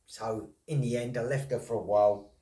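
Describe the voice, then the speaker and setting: A man with a medium-pitched, dark, steady voice talks at a moderate pace in a casual trapping and snaring vlog. Blunt and rambling, he swears and laughs incredulously, captured from a distance in a roomy space.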